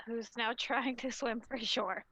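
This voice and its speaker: A woman running a tabletop game as storyteller, narrating haltingly with many fillers. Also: a little high, fairly even intonation, pushed and bright, dry recording, poor audio.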